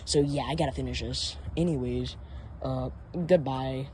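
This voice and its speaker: A man's voice: mid-range voice, fairly even intonation, moderate pace, darkish tone, a little hiss or hum. A man hosting a reaction commentary video, ranting in an exasperated, profane and rambling way. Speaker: commentary channel host.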